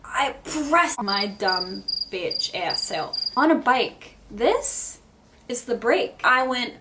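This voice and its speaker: A woman vlogger telling a dramatic story time, animated and salty with swearing. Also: a little high, takes it slowly, heavy background noise. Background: background music.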